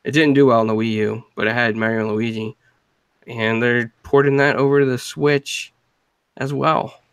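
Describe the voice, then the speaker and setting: A man with a gravelly, creaky voice chats casually as a podcast host, often stopping and restarting his thoughts. The sound is dry and close, with no room around it. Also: medium pitch, steady tone, a bit bright, no room sound, poor audio. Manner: halting, many restarts and fillers. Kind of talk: casual chat.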